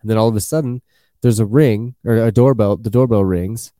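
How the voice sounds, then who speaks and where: A man's voice: lowish voice, fairly quick, warm tone, dry recording, clean studio sound. A man chatting casually as a podcast host, rambling and acting out quotes in jokey voices. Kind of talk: casual chat.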